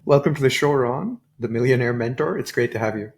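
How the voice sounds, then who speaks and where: A man's voice: medium pitch, a little fast. A man hosting a podcast, asking short, friendly questions and prompts. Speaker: podcast host. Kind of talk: interview questions.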